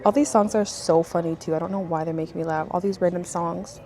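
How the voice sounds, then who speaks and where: A young woman in her twenties vlogging casually, emotional and excitable, gushing over her new app. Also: lowish voice, fast talker. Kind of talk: casual vlog chat.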